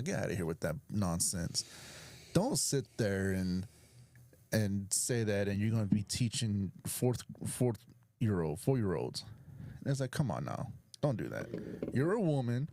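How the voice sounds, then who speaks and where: A man talks through a reaction video in casual, opinionated commentary. His voice is mellow and dark-toned, and he sounds blunt and dismissive, circling back over the same points. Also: lowish voice, dry recording. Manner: blunt, repeats himself, dismissive.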